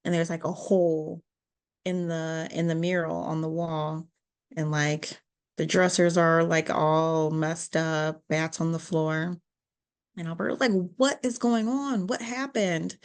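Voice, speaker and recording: A woman co-hosting a podcast, retelling a movie's scenes in a casual, animated way, full of "like" and acted-out quotes. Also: low voice, measured pace, smooth. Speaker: podcast co-host. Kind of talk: casual movie recap chat.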